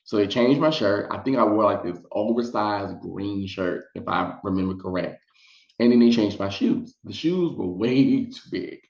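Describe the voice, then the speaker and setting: Man, lowish voice, chatty storytime vlog, animated, echoey lo-fi room. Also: gravelly. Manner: chatty, animated, quick high-pitched voices for quoted people. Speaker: storytelling vlogger. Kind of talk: casual storytime monologue.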